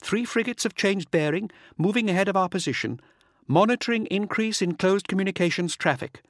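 A man voicing a brisk female ship officer in an audiobook, reporting quickly but calmly. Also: high voice, no echo, studio quality, voice pushed up. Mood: crisp report.

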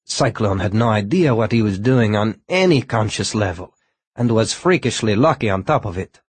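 A grave, measured alien doctor, as a male narrator voices him, a touch higher than the reader's own low voice. He explains slowly and with regret, in a dry, close audiobook reading. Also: expressive, slightly rough, no echo. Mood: grave explaining. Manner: measured, explanatory, gently apologetic.

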